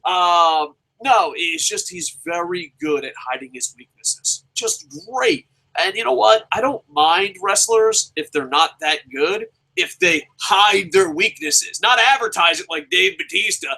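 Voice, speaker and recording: A man reviewing a wrestling show in a casual, profane rant, his pitch leaping up whenever he gets exasperated. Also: a little slow, rough recording. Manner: profane, animated, swears constantly; jumps sharply in pitch when exasperated.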